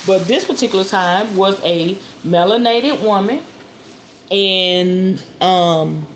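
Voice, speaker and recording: An excitable woman talks straight to her viewers in a chatty, animated way while she unboxes things. Her voice sits at a middle pitch, with faint room sound underneath. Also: slow pace, slight background noise. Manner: chatty and animated, calls viewers "y'all" and "honey"; excitable storyteller, acts out shop talk. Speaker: spiritual channel host.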